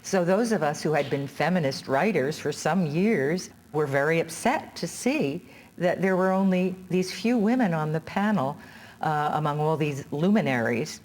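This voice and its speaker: Woman feminist writer, low voice, documentary interview, earnest, measured. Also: expressive, a little mellow.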